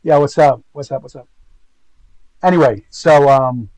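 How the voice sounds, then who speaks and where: A man's voice: mid-range voice, measured pace, darkish tone, dry recording, rough recording. A man giving casual, rambling, gossipy commentary to his stream viewers. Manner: rambling, gossipy, full of fillers.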